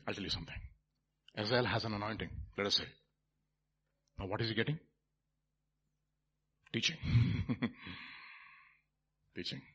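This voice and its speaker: A male preacher, delivering a sermon that swings from quiet musing to loud, fervent preaching. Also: fairly low pitch, slightly rough.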